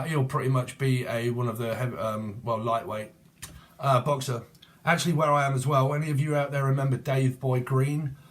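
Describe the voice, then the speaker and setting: A middle-aged man talks straight to camera through a tarot reading. He hops from one loose word association to the next, swears casually and laughs at his own jokes. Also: medium pitch. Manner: swears freely, jumps between word associations, laughs at himself. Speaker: tarot reader.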